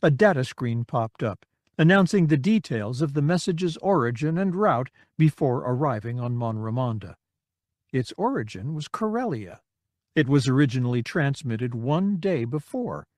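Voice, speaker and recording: A man narrating an audiobook in measured, expressive storytelling. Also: medium pitch, no room sound, clean studio sound. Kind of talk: scripted narration.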